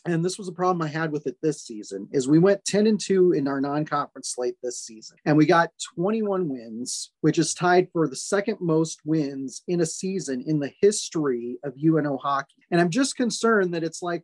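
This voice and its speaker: A man hosting a podcast, making his points in a measured, deliberate way and stressing his caveats. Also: fairly high pitch, expressive, darkish tone, dry recording. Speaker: podcast host. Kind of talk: casual sports chat.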